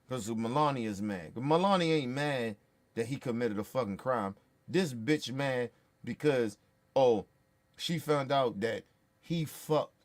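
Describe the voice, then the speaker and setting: A man ranting in profane, heated commentary, blunt and repetitive. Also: mid-range voice. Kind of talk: profane political rant.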